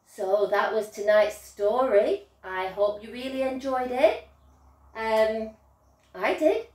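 A woman storyteller gently signing off after reading a children's story, unhurried and kind. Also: a little high. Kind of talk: casual sign-off after a read-aloud story. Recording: echoey room, voice a bit distant from the mic.

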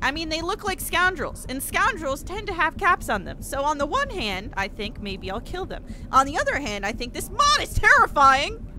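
A young woman giving excitable let's play commentary, swearing often and yelping at the screen. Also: sits high, normal speed, a little hiss or hum. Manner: excitable, swears a lot, yelps and shouts at the screen. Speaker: gaming streamer.

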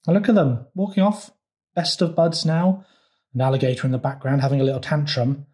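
Lively man reading a picture book aloud. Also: on the high side, fairly quick. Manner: lively, asks the children questions. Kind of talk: children's storytime read-aloud.

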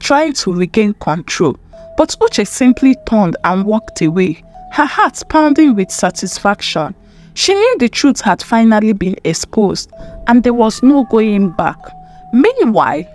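A woman narrating a dramatic story in an expressive, emphatic way. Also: on the high side, a little slow. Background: faint music.

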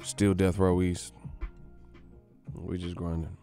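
A man's voice: sits low, flat delivery, slow pace, mellow, soft background music. A man hosting a live stream, chatting casually with his viewers, loose and profane, joking as he reads out their comments.

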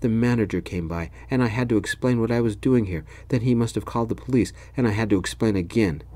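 A man's voice: on the low side, fast talker, darkish tone, lightly acted. A man voicing a grumpy, stern middle-aged father with an English accent, grumbling and commanding, in a whispered role-play.

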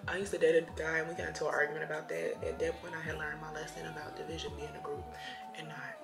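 A young woman with a slightly low voice, a little tipsy, chatting to her viewers in a playful, loose way. She talks in a roomy, echoing room while music plays behind her. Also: little pitch movement, quick pace, creaky. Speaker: beauty vlogger. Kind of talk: casual get-ready-with-me chat. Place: home room while doing makeup.

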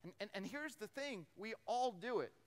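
A man preaching a storytelling sermon, animated, acting out voices and often repeating words as he goes. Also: sits high, normal speed. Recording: long hall reverb.

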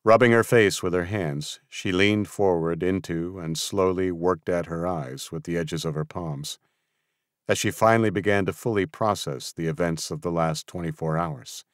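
Male audiobook narrator, deep voice, dry close sound, steady storytelling. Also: moderate pace, no room sound. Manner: reads with character voices. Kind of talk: scripted narration.

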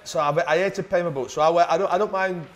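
A man's voice: high voice, steady tone, fast talker, a little hiss or hum. A middle-aged man, a footballer guest telling blunt, sweary stories in a casual chat. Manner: blunt, sweary, laughs through his stories.

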